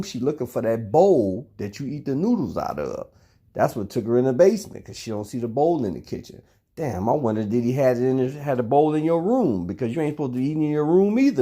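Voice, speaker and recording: Fairly high-pitched with vocal fry, a dark tone, and a slightly rough edge, this man's voice carries a recorded monologue to his son. He's a middle-aged father indoors at home, rambling through a long story and cursing as he goes.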